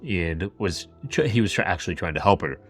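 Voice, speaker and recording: A man's voice: deep voice, brisk, soft background music. A man hosting a podcast, telling a true crime story in a chatty, casual way with lots of asides. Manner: chatty retelling full of "like" and asides. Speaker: podcast host. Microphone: camera-facing setup.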